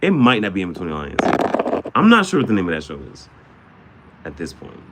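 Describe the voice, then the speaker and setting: Against a noisy background, a man vlogs briskly in a casual, rambling monologue full of slang and swearing. His pitch swoops wildly, shooting high on sudden outbursts, as he laughs often and jumps between subjects.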